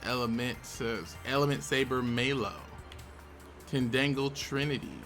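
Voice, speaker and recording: A young man hosting a casual video, chatting as he opens packs of game cards. He talks in a relaxed way, with sudden excited outbursts. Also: medium pitch, a little slow, faint music behind. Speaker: YouTube host. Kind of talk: casual commentary while opening game card packs.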